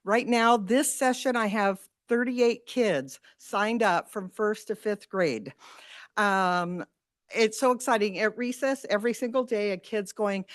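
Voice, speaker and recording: A woman who teaches after-school sewing, giving an animated, chatty public comment at a school board meeting. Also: mid-range voice, a little slow. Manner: animated, chatty, quotes the kids.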